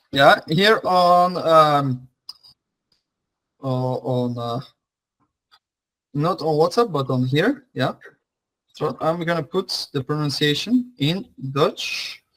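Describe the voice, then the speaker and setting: A man's voice: on the high side, a bit bright, poor audio. A young man teaching an online language class, talking in a loose, chatty way with many fillers and restarts.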